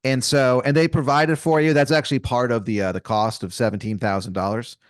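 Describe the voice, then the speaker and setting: A young man improvising a comic story on a podcast, rambling with many fillers and mock-dramatic pauses. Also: mid-range voice, fairly even intonation, no echo, clean studio sound. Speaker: podcast co-host telling an improvised scenario.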